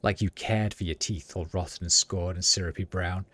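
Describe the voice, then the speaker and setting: A man's voice: low-pitched, steady tone, normal speed, pushed and bright. A man voicing a half-mad old woman seamstress who mutters to herself in a sing-song way. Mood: muttering. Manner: sing-song, talks to herself, cackling scolding.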